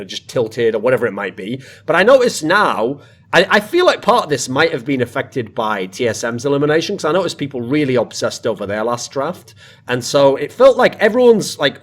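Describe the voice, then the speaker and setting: A man hosting an esports talk show, chatting casually with emphatic, rambling asides. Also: mid-range voice. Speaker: podcast host. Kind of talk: casual esports panel discussion.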